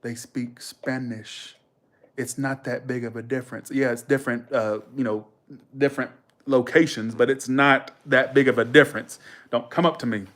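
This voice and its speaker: A man's voice: mid-range voice, steady tone, a little fast, a bit bright. A man hosting a livestream in rambling, slangy casual chat, laughing often. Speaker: livestream host.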